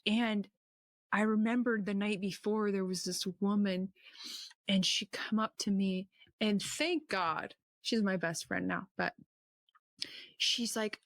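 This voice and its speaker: A woman telling a personal testimony in a lively storytelling way, acting out what people said with sudden jumps up in pitch. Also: dry recording, clean studio sound. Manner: animated, acts out quotes with sudden high pitch jumps. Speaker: testimony speaker.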